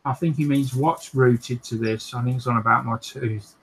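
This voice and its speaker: A man's voice: medium pitch, fairly even intonation, moderate pace, a bit bright, breathy edge, rough recording. A man hosting a modelling livestream, chatting casually and reading out viewer comments, often laughing, with lots of fillers and restarts.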